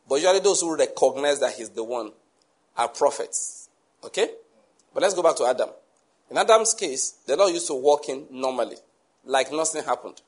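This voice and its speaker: Husky man preaching a sermon. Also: medium pitch. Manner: emphatic, rhetorical questions to the congregation.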